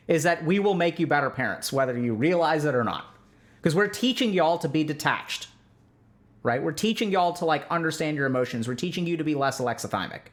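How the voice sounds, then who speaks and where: A man's voice: fairly high pitch, a bit bright. Man chatting through a casual stream lecture. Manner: conversational, peppered with "like" and "right?". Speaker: psychiatrist streamer.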